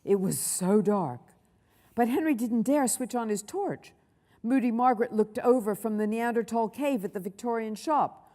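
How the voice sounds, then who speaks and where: A woman author reading a story aloud to a big audience of children in a large hall, expressive and full of sound effects. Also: a little high, moderate pace. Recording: long hall reverb.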